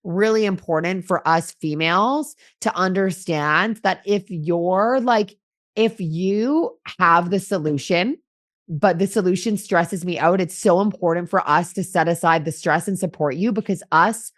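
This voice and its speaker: A woman's voice: fairly low pitch, measured pace, no room sound, studio quality. A woman co-hosting a podcast with her partner, chatting casually with many fillers. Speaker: podcast co-host, host's partner. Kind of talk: casual chat.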